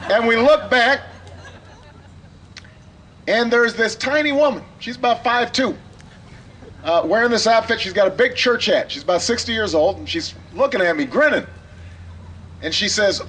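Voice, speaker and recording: A political candidate telling an anecdote at a campaign rally, in an easy storytelling manner that builds to a rousing call-and-response. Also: male voice, extremely high pitch, animated, normal speed, sharp tone, a faint crowd, a little hiss or hum, low-quality recording.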